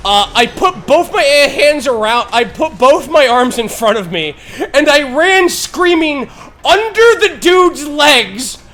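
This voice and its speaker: On a live stream, a man tells a rambling story packed with fillers and free swearing, building to loud, animated bursts. His voice is extremely high-pitched and slow.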